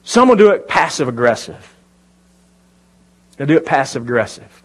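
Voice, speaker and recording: A pastor preaches a sermon before a live congregation in a church, chatting with them and posing questions. His voice is medium-pitched and sing-song, at a normal pace.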